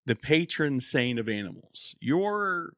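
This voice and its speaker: A man's voice: medium pitch, slow, dry recording, studio quality. A man with an Oklahoman accent co-hosting a podcast, joking in casual banter. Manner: joking, animated. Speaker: co-host.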